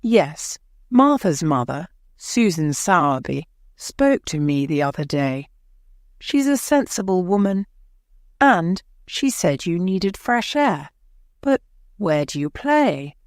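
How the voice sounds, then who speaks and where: A woman reading aloud voices a sad, absent-minded uncle, low-pitched, slow and weary but kind. The reading is dry and close. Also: big pitch swings, dry recording. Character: sad, distracted older uncle.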